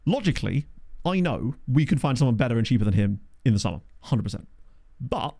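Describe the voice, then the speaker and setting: Male streamer, lively sing-song delivery, chatty, reads chat as he plays. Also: medium pitch, fast talker. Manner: chatty, reads chat aloud, laughs often. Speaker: streamer playing a football management game. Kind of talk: casual live-stream commentary.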